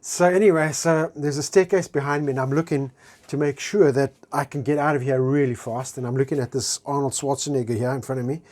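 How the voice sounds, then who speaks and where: A man recounting a personal experience as lively storytelling. His delivery is chatty and expressive, with casual fillers and exchanges he acts out himself. His voice sits at an ordinary middle pitch for a man. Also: brisk. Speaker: speaker sharing a personal testimony.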